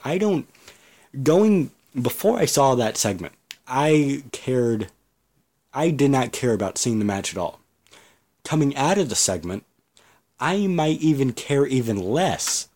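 A man's voice: medium pitch, darkish tone. A man hosting a podcast alone, talking in a blunt, ranting way, swearing freely and often restarting his sentences. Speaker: podcast host. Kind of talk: casual solo podcast rant.

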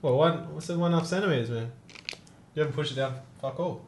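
A young man hosting a casual podcast chat. He gets excited, swears a lot and laughs often. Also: a little high, fast talker, a little hiss or hum. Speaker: podcast host. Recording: roomy echo.

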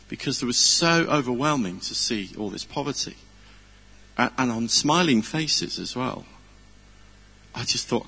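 Casting note: middle-aged preacher, gravelly and husky, bright edge, chatty and earnest. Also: male voice, medium pitch, expressive, a little slow. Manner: chatty, self-deprecating, earnest. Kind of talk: informal sermon with personal stories. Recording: long hall reverb.

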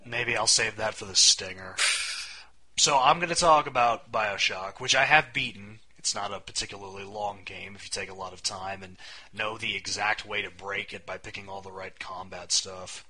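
Husky young man co-hosting a podcast. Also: lowish voice, normal speed, pushed and bright, rough recording. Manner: rambling, wry, swears casually. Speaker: podcast co-host. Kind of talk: casual podcast chat.

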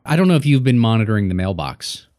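A man co-hosting a podcast in casual chat, talking in an animated way with lots of restarts. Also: lowish voice, fast. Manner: animated, lively storytelling with many restarts. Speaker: podcast co-host.

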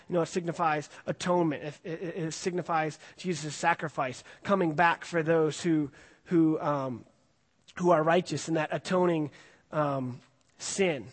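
A man preaching a casual sermon to his congregation, chatty and loose, with frequent fillers and restarts. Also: a little high. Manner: conversational, with many fillers and restarts. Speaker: pastor. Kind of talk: casual sermon with scripture reading. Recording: long hall reverb.

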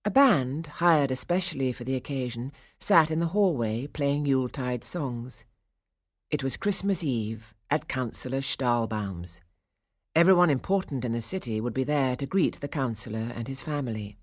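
A woman narrating a storybook in an expressive, measured storytelling manner. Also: a bass voice, dry recording, clean studio sound.

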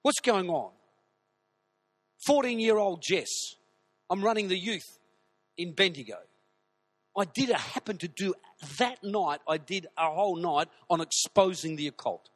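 Husky pastor preaching with fire. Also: male voice, a little high, normal speed. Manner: animated storytelling, shouting at peaks. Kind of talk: sermon.

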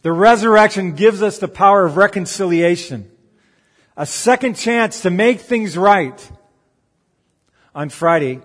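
A man delivering a sermon, swinging from emphatic raised peaks to quiet, earnest asides. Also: fairly high pitch, in a large hall. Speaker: pastor.

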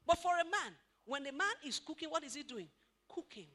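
A woman giving an animated talk at a couples' marriage seminar, questioning the audience and acting out what spouses say. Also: high voice, a little fast. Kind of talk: lively motivational talk to an audience.

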